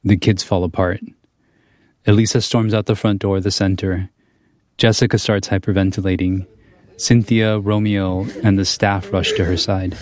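A man narrating a documentary report as the reporter, in a measured, calm storytelling manner. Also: sits low. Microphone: studio voice-over mic.

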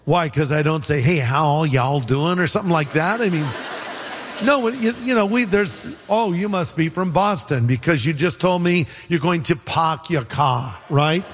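A man from California with a Californian accent, preaching a sermon in a storytelling way, with quick asides and voiced quotes. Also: sits high, fairly bright tone, a little hiss or hum. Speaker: pastor. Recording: reverberant hall with faint music.

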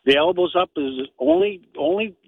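A man calls in to a talk radio show and speaks bluntly and matter-of-factly, his pitch rising and falling a lot. The sound is thin and tinny like a phone line, very dry. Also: wildly swooping pitch, normal speed, creaky, dry recording. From Canada. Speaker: caller. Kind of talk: call-in radio opinion.

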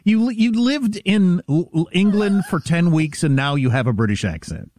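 A man's voice: high-pitched, lively intonation, normal speed, darkish tone, dry recording, clean studio sound. A man co-hosting a talk radio show, chatting in a wry, casual way. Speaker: radio co-host.

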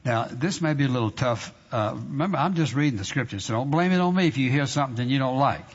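A male pastor preaching a sermon with emphasis, drawing out scripture readings slowly and repeating phrases for effect. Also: mid-range voice, expressive, husky. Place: church sanctuary. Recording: dull sound in a long-reverb hall.

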